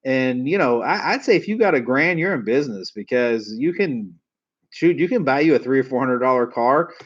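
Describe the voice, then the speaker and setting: A man's voice: medium pitch, expressive, moderate pace. Blunt folksy man, dull lo-fi audio. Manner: blunt, folksy, swears casually. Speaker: car dealer hosting a live stream. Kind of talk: casual live-stream talk.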